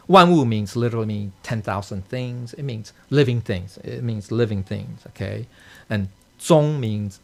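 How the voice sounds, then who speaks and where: Gravelly man giving a rambling lecture. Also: fairly low pitch, a bit bright. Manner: rambling, lots of filler and "okay?" checks, chuckles. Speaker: Dao study teacher. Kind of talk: casual spoken lecture. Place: temple study session.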